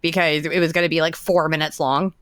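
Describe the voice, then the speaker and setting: Woman guest, low-pitched, chatty with quick asides, dry close sound. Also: flat delivery, fairly bright tone, no room sound. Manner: chatty, quick asides, laughs between phrases. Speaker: podcast guest, social media and layout staff. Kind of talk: casual podcast chat.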